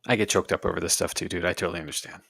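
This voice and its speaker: A man co-hosting a podcast, chiming in with quick, joking interjections. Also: deep voice, fairly even intonation, gravelly, sharp tone, slightly rough, dry recording, studio quality. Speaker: podcast co-host. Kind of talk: casual chat.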